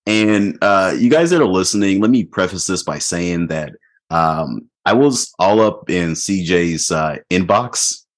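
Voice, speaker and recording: A man's voice: deep voice, lively intonation, measured pace. A man hosting a podcast in a casual, laid-back chat, chuckling often and talking with lots of fillers. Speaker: podcast host.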